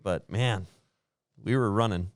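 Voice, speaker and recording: A man hosting a podcast, telling a travel story in a lively way, acting out what others said and laughing often. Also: fairly low pitch, a little slow, heavy background noise. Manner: animated, acts out quoted voices, laughs often. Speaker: podcast host. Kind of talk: casual storytelling.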